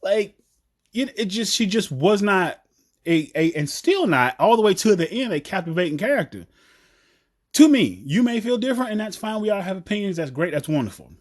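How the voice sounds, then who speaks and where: A man from the American South with a Southern accent, giving a blunt, animated opinion rant about a TV show. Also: high-pitched, fairly quick. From Southern United States. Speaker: TV commentator.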